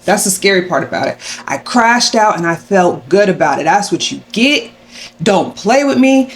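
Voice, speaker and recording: A young adult woman sharing a personal faith testimony to camera, animated and acting out her own angry retorts. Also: mid-range voice, normal speed, slight background noise. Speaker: faith vlogger.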